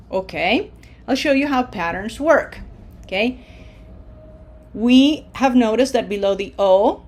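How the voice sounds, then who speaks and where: A woman teaching a recorded Spanish lesson, patient and encouraging, modeling words slowly for learners to repeat and checking in with frequent okays. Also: mid-range voice, darkish tone. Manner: slow, patient, drills with repetition.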